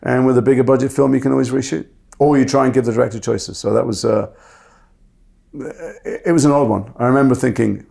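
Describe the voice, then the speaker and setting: A man's voice: mid-range voice, fairly even intonation, fairly quick, gravelly, dark tone. A middle-aged man, a guest actor talking reflectively and self-deprecatingly, often restarting his sentences. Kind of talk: reflective interview talk.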